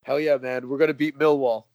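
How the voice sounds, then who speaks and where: A man's voice: medium pitch, little pitch movement, moderate pace, darkish tone, no room sound. Brief: New York American man, easygoing guest, slangy and laughing, dry close sound. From New York, USA. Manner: laid-back, laughs often, slangy. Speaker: guest fan. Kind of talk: casual podcast chat.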